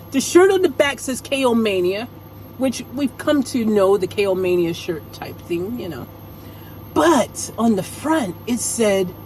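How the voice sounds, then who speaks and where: A wrestling show recapper in casual chat, speaking at a mid pitch. The talk is slangy and rambling, full of jokey tangents, with faint noise in the background. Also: rough recording.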